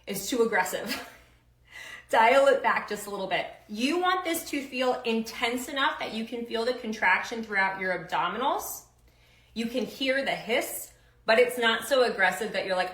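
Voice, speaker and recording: A woman's voice: a little high, lively intonation, moderate pace, fairly bright tone, reverberant, poor audio. A woman strength coach giving upbeat, casual instructions with slang and countdowns for kettlebell lifts.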